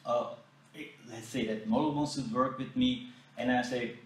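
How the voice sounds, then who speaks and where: A man's voice: mid-range voice, moderate pace. Indignant man in an echoey room. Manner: animated, indignant, mimics quoted exchanges. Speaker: photographer and podcast host. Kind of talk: casual podcast storytelling. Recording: echoey room, mic at a distance.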